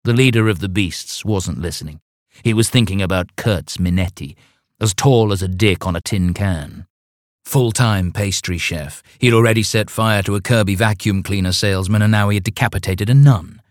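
A man with a fairly low voice reads a darkly comic novel aloud in a dry, deadpan way. The sound is close and dead, with no room around it. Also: normal speed, dry recording. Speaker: audiobook narrator. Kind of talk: scripted narration.

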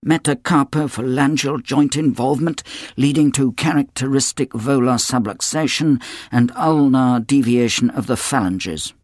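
A man's voice: medium pitch, moderate pace, a little mellow, dry recording, studio quality, natural voice. A man voicing a harried family doctor who mutters clinical terms.

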